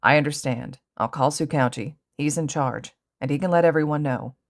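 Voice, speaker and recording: An adult male police officer, deep and firm, placating panicked kids, as a woman reads him in a fan audiobook. The voice stays low and even. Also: moderate pace. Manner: firm, calming.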